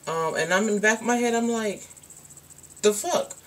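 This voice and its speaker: A woman's voice: medium pitch, quick pace. A young woman vlogger telling a personal story in a casual, rambling way, full of "like" and "um". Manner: rambling, candid, lots of "like" and "um".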